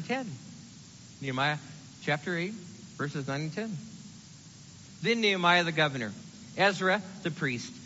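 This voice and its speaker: A man preaching a sermon in an animated, conversational way, acting out the quotes he reads. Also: a little high, in a large hall, lo-fi sound, slight background noise.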